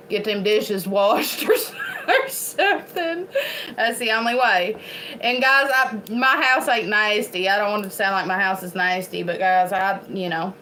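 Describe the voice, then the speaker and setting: A woman's voice: mid-range voice, a bit bright, slight background noise, poor audio. A woman from Eastern Kentucky with an Appalachian accent, chatting casually and rambling as a homestead vlogger, laughing often. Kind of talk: casual chat to camera.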